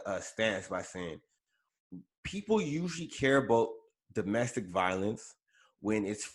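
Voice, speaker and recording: Rambling man on a casual podcast. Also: lowish voice. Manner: rambling, self-correcting, frequent fillers. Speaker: podcast co-host. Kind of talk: casual pop culture chat.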